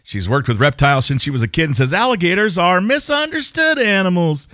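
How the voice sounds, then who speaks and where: A man on a radio morning show tells a news item in a casual, joking way, breaking into laughter and wry asides. His voice sits a bit high and sounds dry and close in the studio. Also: very animated, fairly quick, a bit bright, no room sound. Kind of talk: casual radio banter, reading a news story.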